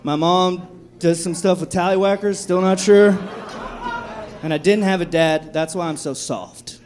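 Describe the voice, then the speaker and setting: High-voiced man doing stand-up comedy. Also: fairly even intonation, measured pace, a faint crowd. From Texas. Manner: profane, dark, self-mocking jokes. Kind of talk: live stand-up set. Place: comedy club stage. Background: audience laughter.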